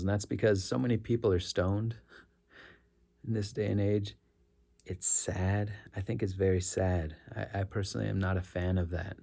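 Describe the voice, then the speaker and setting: A middle-aged man with a deep, gravelly voice tells a story in a loose, reflective way. His tone is dark and mellow, and he often circles back and corrects himself as he talks. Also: steady tone, normal speed. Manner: rambling, self-correcting, earnest. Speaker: rideshare driver sharing stories.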